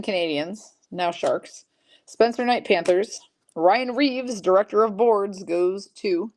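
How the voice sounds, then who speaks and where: A woman hosting a live-streamed trading card break, briskly calling out each pull and teasing her chat viewers. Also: mid-range voice, gravelly, darkish tone.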